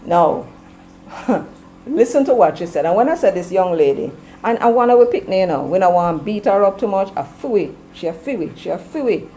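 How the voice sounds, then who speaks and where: A middle-aged Jamaican woman delivers forceful, preachy political commentary full of opinions, slipping into patois. Her mid-range voice is expressive and a little fast, with slight background noise on a rough recording.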